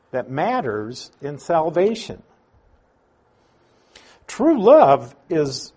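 A man preaching a sermon, teaching slowly and deliberately with emphatic stresses. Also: medium pitch, a little mellow, slightly rough.

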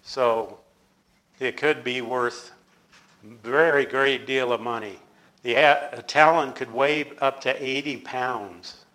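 A man teaching a Bible study, explaining in a measured way with small restarts. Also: medium pitch, pushed and bright, low-quality recording.

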